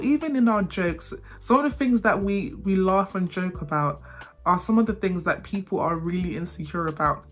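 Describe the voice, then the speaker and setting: A young woman with a lowish voice tells her own story quickly, doubling back and repeating words as she goes. Soft music plays faintly behind her. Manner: fast talker who repeats and trips over words. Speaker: vlogger. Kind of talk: personal storytelling to camera. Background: faint background music.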